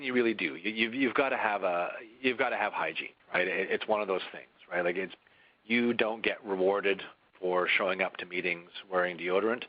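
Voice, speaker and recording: In a low voice, a man from a software vendor presents a webinar conversationally, often restarting sentences and tagging points with "right?" The recording is muffled, with no echo.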